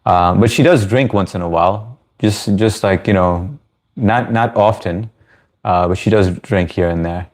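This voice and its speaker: A man's voice: on the low side, unhurried. A man in his thirties from the US, hosting a casual livestream Q&A, reading chat messages and rambling in a friendly way with many restarts. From United States. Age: 30s. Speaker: livestream host.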